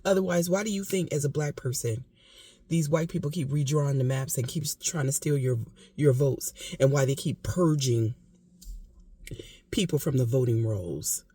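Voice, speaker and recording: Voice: medium pitch, moderate pace, mellow, slightly rough, no echo. A vlogger giving impassioned casual commentary, emphatic and repetitive, with occasional coughing. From United States.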